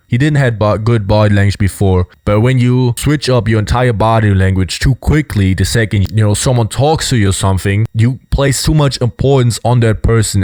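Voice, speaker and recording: A man's voice: on the low side, a little mellow, no room sound, clean studio sound. A young man giving casual, explanatory commentary on body language, peppering his points with "you know" and "right?".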